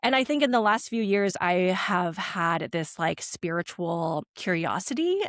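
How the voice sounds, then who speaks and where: A woman's voice: fairly low pitch, animated, dry recording, clean studio sound. A woman hosting a podcast interview, reacting with short remarks and laughs, then talking casually about her own past. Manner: warm listener, quick laughs and short reactions. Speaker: podcast host.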